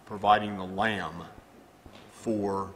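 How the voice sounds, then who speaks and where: Guy preaching a sermon, goes soft then loud and emphatic, long echo like a big church. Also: on the low side, fairly even intonation, slow, a little hiss or hum. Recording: long hall reverb.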